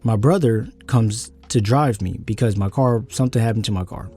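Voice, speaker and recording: A young man telling a personal story casually, his voice jumping high when he gets worked up. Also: moderate pace, slightly rough, faint music behind. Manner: animated, voice jumps high when angry.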